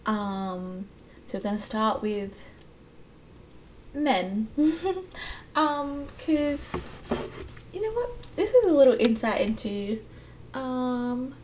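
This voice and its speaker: A young woman hosting a casual solo podcast, chatty and giggly with lots of ums and likes. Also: on the high side. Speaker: podcast host. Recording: distant mic with faint hum.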